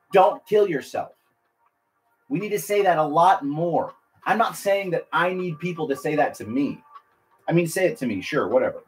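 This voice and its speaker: A man, a military veteran, talking earnestly and emotionally to viewers on a casual live stream, rambling and restarting his sentences. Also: on the high side. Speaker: veteran livestreamer.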